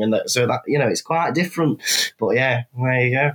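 A man from North Wales whose Welsh accent is softened by Manchester, an easygoing podcast guest in casual chat. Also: medium pitch, animated, fast talker. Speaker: podcast guest, panto performer.

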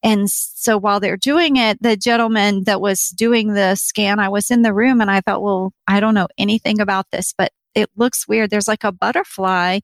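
A woman's voice: medium pitch, fairly even intonation, normal speed, hardly any pauses, no echo. A middle-aged woman telling a personal story in an interview, earnest, acting out what people said. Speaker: interview guest.

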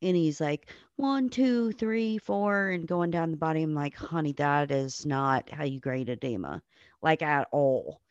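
With a low voice at normal speed, a nurse on a podcast tells blunt, profane stories in a casual way, voicing the people she quotes. The audio sounds dull and has no room sound.

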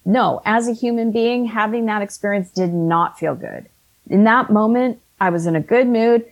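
A woman's voice: mid-range voice, normal speed, lo-fi sound. A woman in her fifties, an author and life coach, telling a personal story in an earnest, conversational way with frequent restarts.

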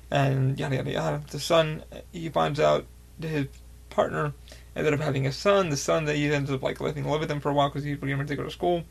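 Gravelly-voiced guy rambling thru a story on his podcast, swears a ton, gets all hyped. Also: on the high side, quick pace. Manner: excitable, heavy swearing, rambling with many fillers. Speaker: podcast host. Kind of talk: casual storytelling.

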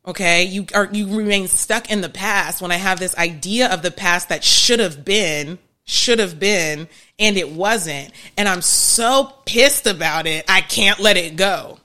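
A woman's voice: on the low side, unhurried, hardly any pauses, bright, forceful tone. A woman therapist teaching on a live stream, emphatic, often restarting sentences and laughing at herself.

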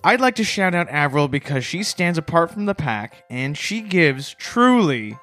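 Deadpan man in comic banter. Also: fairly high pitch, normal speed, soft background music. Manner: deadpan mock-earnest tributes. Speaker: podcast co-host. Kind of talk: casual comedic chat.

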